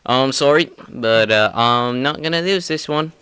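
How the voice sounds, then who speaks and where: A man's voice: medium pitch, measured pace, bright, forceful tone, clear, resonant tone, dry recording. A man doing a put-on English accent, playing a cocky male fighter who refuses to lose. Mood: mock-defiant. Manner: mock-confident, calls the listener 'governor'.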